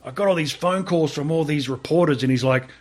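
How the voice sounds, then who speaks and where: A man's voice: a little high, fairly quick, slight background noise. An Australian man, a veteran guest on a podcast, telling a story casually, acting out the dialogue and swearing freely. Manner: swears freely, animated retelling with quoted dialogue.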